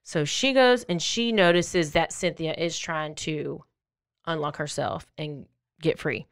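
A woman hosting a podcast, casually telling a true-crime story in an animated way and acting out quotes in playful voices. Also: deep voice, unhurried, clear, resonant tone. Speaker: podcast host.

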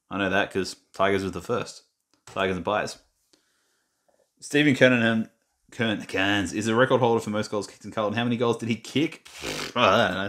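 A man's voice: fairly low pitch, fairly bright tone. A young Australian man chatting casually while reading quiz questions aloud, muttering and mocking himself. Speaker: gaming vlogger. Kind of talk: casual screen-recorded commentary.

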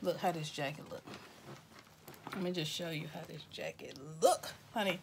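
A woman from Tennessee, chatting casually to camera, folksy and effusive, calling viewers y'all and honey and dropping into soft whispers. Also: lowish voice, moderate pace, vocal fry, noisy background. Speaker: vlogger showing gifts.

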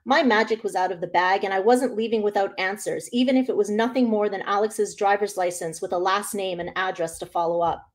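Woman author reading her novel aloud; expressive first-person delivery. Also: mid-range voice, brisk, hardly any pauses.

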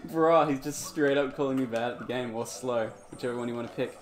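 This man's medium-pitched voice has lively intonation and a fairly quick pace as he streams a game live. He's easygoing with his viewers, laughing frequently and humming along while game music plays in the background.

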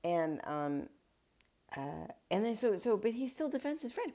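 A woman's voice: medium pitch, big pitch swings, measured pace, mellow. A woman pastor giving a casual daily Bible reflection, retelling the story in a chatty way with wry asides.

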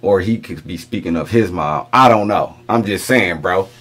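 A man's voice: deep voice, normal speed. A middle-aged man hosting a reaction video, talking casually, repeating lines back to himself and chuckling as he muses over them.

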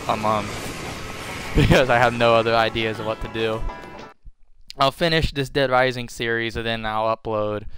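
Joking, swearing young man over game music. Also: mid-range voice. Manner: joking and profane, talks to viewers while playing. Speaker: gaming video host. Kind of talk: casual gameplay commentary. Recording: game music loud behind the voice.

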